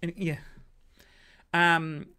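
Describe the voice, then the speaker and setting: A young Australian woman telling comic stories on her live stream. She acts out quoted lines in sudden high voices. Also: little pitch movement, drawn-out words, sharp tone, clear, resonant tone. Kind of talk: comedic storytelling.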